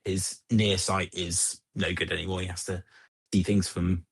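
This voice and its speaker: Caller, middle-aged English man with an Oxfordshire accent, husky voice, stumbles and restarts. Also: low-pitched, level tone, measured pace. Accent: Southern English, Oxfordshire. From Southern England. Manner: repeats words, restarts, chuckles often. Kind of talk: casual chat.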